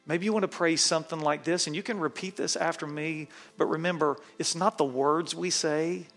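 A man's voice: a little high, steady tone, normal speed, fairly bright tone, faint music behind. A man, a pastor, preaching a sermon in a church and leading the congregation in call-and-response. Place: church sanctuary.

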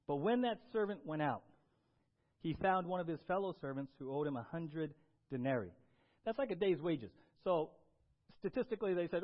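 A man preaching a sermon as pastor, swinging between loud emphatic bursts and quiet, low stretches. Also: big pitch swings, moderate pace, lo-fi sound.

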